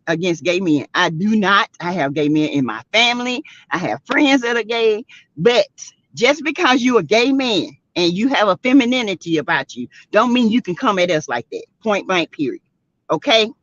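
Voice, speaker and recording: A woman's voice: on the high side, fairly bright tone, no room sound, dull audio. Sassy Southern woman gossiping live. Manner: sassy, laughs a lot, greets viewers by name. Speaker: live-stream host. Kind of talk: casual gossip chat.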